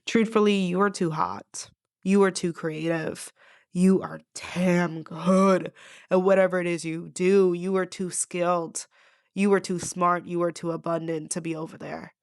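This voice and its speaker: A woman's voice: on the low side, fairly even intonation, unhurried, a little mellow, smooth, no room sound, clean studio sound. A woman giving an intuitive reading straight to her viewers, sassy and emphatic, repeating lines for effect and calling the listener honey and babes. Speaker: intuitive card reader. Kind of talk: direct-to-camera spiritual reading.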